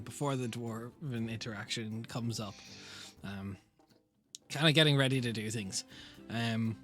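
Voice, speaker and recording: A man runs a tabletop game in a bright, casual voice, dropping fillers and chuckling between beats of narration. Soft music plays faintly behind him. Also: medium pitch. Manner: casual, laughing, with many fillers. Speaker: game master.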